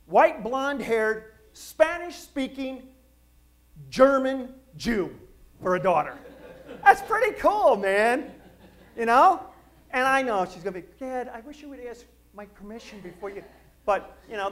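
A middle-aged man preaching a sermon, telling stories with jokes and asides in an animated way. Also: very high voice. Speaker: pastor.

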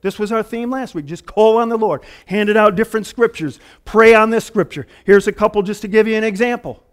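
A man's voice: high voice, a little fast, clean tone. A man in his fifties, a pastor preaching a sermon in a casual, earnest way with folksy asides. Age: 50s.

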